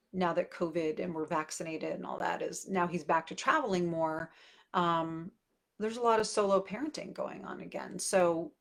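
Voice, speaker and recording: Speaking casually to camera, a woman in her forties who works as a parenting coach addresses her viewers frankly, full of filler words. Her voice runs low, with vocal fry.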